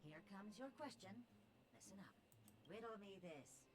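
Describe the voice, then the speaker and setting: A woman's voice: medium pitch, animated, unhurried, noisy background, close to an everyday voice. Woman doing a grumpy game quiz lady, impatient. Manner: grumbling, irritable.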